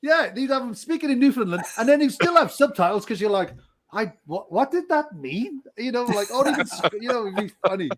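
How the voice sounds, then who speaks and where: A man's voice: extremely high pitch, lively intonation, quick pace, few pauses, fairly bright tone. A man co-hosting a casual podcast, rambling and joking with frequent laughs. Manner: laughing, rambling, jokey asides. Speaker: podcast co-host. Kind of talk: casual chat.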